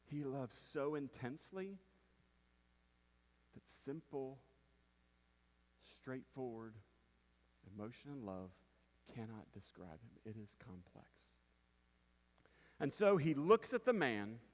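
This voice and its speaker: Speaking at a medium pitch, a pastor gives a sermon in a conversational style, swinging between hushed moments and emphatic points while checking in with the congregation through repeated "right?" asides. The recording carries the long reverb of a church sanctuary.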